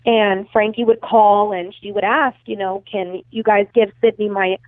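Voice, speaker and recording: A woman's mid-range voice, fairly even and at normal speed, tells a long story by phone as an interview guest. Her telling is casual and profane, riddled with fillers and self-corrections, and the tinny line is dry with no echo.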